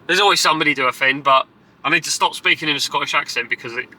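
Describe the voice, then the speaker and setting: A man chatting casually and excitedly to camera as a travel vlogger, driving and walking about. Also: fairly high pitch, rapid-fire, rough recording. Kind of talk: casual travel vlog chat. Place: in a car and outdoors.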